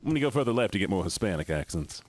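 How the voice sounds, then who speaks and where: A man's voice: lowish voice, very animated, racing, faint music behind. A man with a Georgian Southern accent, chatting casually with his chat and a co-player while streaming a game. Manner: laid-back, chatty, laughs often, talks to chat.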